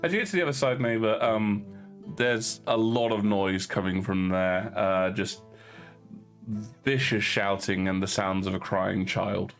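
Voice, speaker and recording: A man with a lowish voice running a tabletop game. He narrates hesitantly, with many fillers. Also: measured pace, a bit bright, faint music behind. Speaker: game master.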